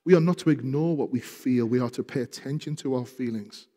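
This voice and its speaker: A man preaching a sermon, speaking with passion and growing loud when he reads scripture aloud. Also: medium pitch, fairly quick. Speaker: pastor. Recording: reverberant hall.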